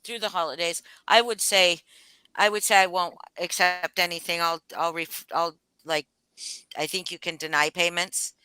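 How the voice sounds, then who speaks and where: Bright, crude-joking young woman. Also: fairly low pitch, steady tone, moderate pace, smooth, dry recording, low-quality recording. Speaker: podcast co-host. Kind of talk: casual chat.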